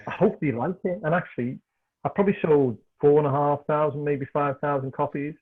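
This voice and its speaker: A middle-aged man from Liverpool with a Scouse accent, a podcast guest and author telling animated anecdotes in casual chat. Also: on the high side, fairly quick. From Liverpool, England. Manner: animated anecdotes, repeats words when excited. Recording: tinny phone-like call line.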